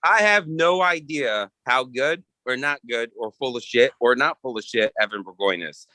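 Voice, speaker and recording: Brash trash-talking man, bright voice. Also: medium pitch, animated, moderate pace, no room sound. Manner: brash, profane, boastful. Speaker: arm wrestler guest. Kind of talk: casual trash-talk chat.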